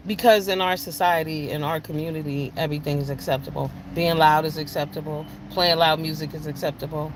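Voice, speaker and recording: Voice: medium pitch, fairly bright tone. A talk-show host holds forth in an unfiltered, profane rant. The delivery is indignant and scolding, with a faint layer of background noise under the voice. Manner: blunt and profane, with heavy cursing. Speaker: podcast host.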